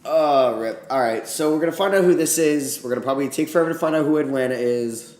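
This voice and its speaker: A man's voice: mid-range voice, quick pace, a little mellow, roomy sound. A man hosting a live reaction stream, ranting as an exasperated sports fan.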